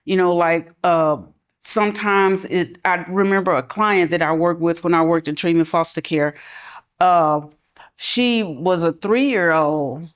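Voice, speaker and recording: A middle-aged woman who works in schools, speaking conversationally on a panel and softening her voice for examples. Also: fairly low pitch, measured pace. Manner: conversational, relaxed, drops to a soft calm voice for examples. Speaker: school mental health professional. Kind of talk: panel talk.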